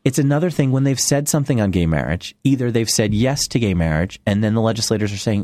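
A man's voice: fairly low pitch, expressive, quick pace, few pauses, a little mellow, no room sound, clean studio sound. A man co-hosting a casual comedic chat, wry and sarcastic, laughing often as he talks. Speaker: co-host.

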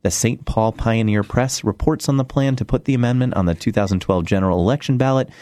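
A man hosting a radio talk show, giving sarcastic, animated commentary in casual banter. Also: mid-range voice, fast, no room sound, studio quality.

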